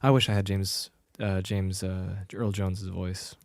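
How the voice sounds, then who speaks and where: Man, young adult, podcast co-host, casual chat, animated retelling, dry close mic. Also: low voice, creaky, no echo. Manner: animated retelling with quick impressions.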